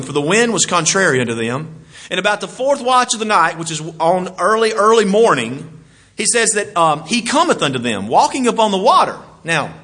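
A man preaching a sermon. He swings from loud exclamations to quiet asides, chuckles as he goes, and keeps asking his listeners questions. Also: high voice.

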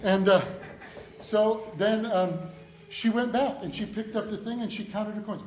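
An older man preaching a storytelling sermon in a folksy, humorous, animated way. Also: high-pitched, unhurried, reverberant, dull audio, a little hiss or hum.

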